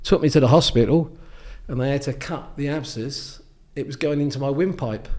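Here an English guest in his sixties, once a darts champion, spins rambling anecdotes peppered with ums and restarts during an easygoing interview. He speaks at a moderate pace in a mid-range voice with a darkish tone.

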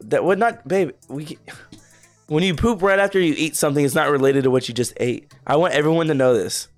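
A young man rattles off his points at a fast clip in a blunt, casual way and swears freely. He co-hosts a chat stream with faint music underneath. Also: a little high. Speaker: podcast co-host.

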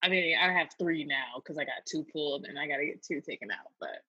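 Bright, husky host in dry sound. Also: mid-range voice, expressive, brisk, no echo, lo-fi sound. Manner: jokey, chatty, retells anecdotes with quoted voices. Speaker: podcast host. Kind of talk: casual chat.

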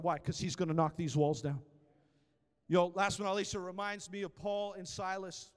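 A male pastor preaches with fervor, rising to loud calls and dropping into hushed storytelling. His voice is unusually high and smooth. Long reverb from a large church hall trails behind him. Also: little pitch movement, normal speed. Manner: impassioned, swings between loud exhortation and hushed storytelling. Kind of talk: sermon.

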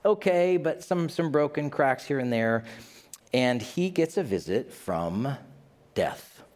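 Pastor guy preaching, lively up-and-down voice, chatty asides, long hall reverb. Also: mid-range voice, slow pace. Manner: conversational, animated preaching with asides. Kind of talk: sermon.

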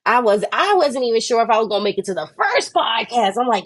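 Animated woman telling a faith story. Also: fast talker, breathy edge. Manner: animated storytelling with high playful quoted voices. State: tired and under the weather. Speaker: podcast co-host. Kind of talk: casual faith podcast chat.

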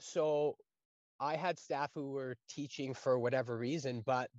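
A man in his thirties from Canada talks earnestly in a relaxed podcast chat. He rambles, circling back with fillers and tag questions. The recording is dry and a little muffled. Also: mid-range voice, unhurried, no echo. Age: 30s. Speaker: guest. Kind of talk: casual podcast conversation.

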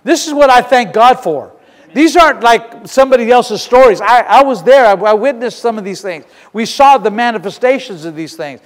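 A man's voice: very high-pitched, animated, moderate pace. A male pastor preaching a sermon in a church, fervent and emphatic, often repeating and restarting his phrases. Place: church sanctuary. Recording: long reverb of a large hall.

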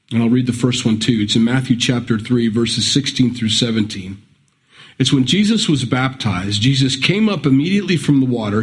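A man preaching a conversational sermon as pastor, reading scripture and rising into emphatic pleas. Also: mid-range voice.

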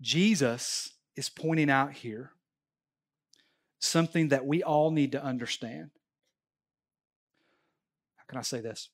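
A man's voice: medium pitch, slow pace, long pauses. A male pastor preaching a sermon at a church service, telling stories and pressing his points emphatically. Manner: animated, emphatic storytelling preacher.

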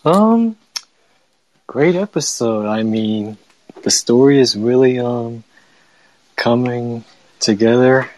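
A man co-hosting a podcast, giving his halting take in casual chat. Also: medium pitch, darkish tone, dry recording, poor audio. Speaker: podcast co-host.

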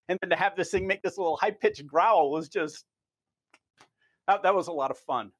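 A man speaking in a somewhat high voice, telling lab stories with animation. He answers interview questions and often repeats a word as he starts a phrase. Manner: animated storyteller, repeats words when starting. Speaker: research scientist.

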